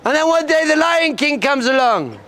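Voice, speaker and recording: Speaking at normal speed in a very high voice, a male rabbi fires up yeshiva students with an energetic pep talk. His story features bleating sheep and a roaring lion that he acts out, driven by punchy, repeated lines.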